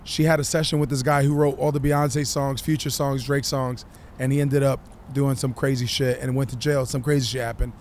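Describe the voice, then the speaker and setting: A man, a musician guest on a podcast, telling his story in an animated, profane way and acting out what people said. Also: medium pitch, brisk, few pauses, a little hiss or hum. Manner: animated, profane, acts out quotes.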